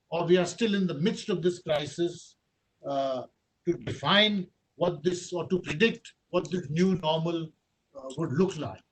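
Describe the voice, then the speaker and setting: A man with an Indian English accent giving a formal policy lecture over a video call, measured and halting, with frequent "uh" fillers. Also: sits high, fairly bright tone, low-quality recording. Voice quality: measured, with many pauses and 'uh' fillers.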